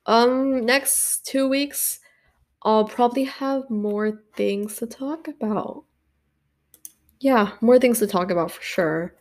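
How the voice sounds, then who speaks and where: A woman's voice: a little high, slow. A woman hosting a solo podcast, chatting casually in a rambling, self-deprecating way. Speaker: podcast host.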